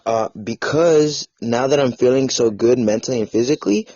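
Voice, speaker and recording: A man's voice: mid-range voice, normal speed, dark tone, no room sound. Male host, casual video chat, teasing, dry close sound, dull lo-fi audio. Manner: playful, teasing. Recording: muffled lo-fi audio.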